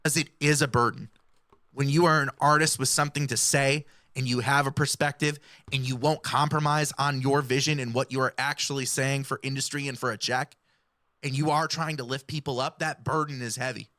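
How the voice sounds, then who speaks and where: A woman giving explanatory commentary in a video, speaking in a measured, analytical way. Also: very deep voice, steady tone, a bit bright, dry recording, studio quality. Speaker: music commentator.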